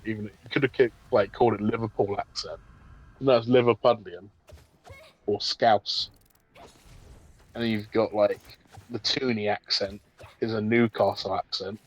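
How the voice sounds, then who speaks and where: A man with a Brighton English accent chatting casually on a gaming stream, rambling and filler-heavy. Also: lowish voice, steady tone, moderate pace, long pauses, slightly rough, highs cut off. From southern England.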